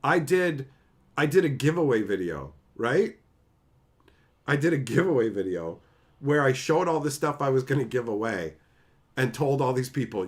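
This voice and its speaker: A man from Canada chatting casually on a live stream, telling stories in an animated, profane way and laughing often. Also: a little high, fairly quick.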